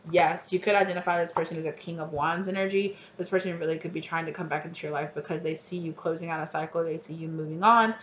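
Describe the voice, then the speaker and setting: A woman's voice: sits low, steady tone, quick pace, few pauses, reverberant, slight background noise. A woman giving a casual tarot reading to her viewers, talking loosely with lots of fillers and repeated words. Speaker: tarot reader.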